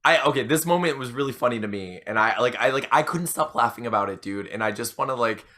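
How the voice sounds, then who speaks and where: A man's voice: mid-range voice, lively intonation, quick pace, bright, forceful tone. A man co-hosting a casual podcast, telling long rambling stories packed with fillers. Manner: rambling storyteller, heavy fillers like "like" and "you know". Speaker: podcast co-host. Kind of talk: casual chat.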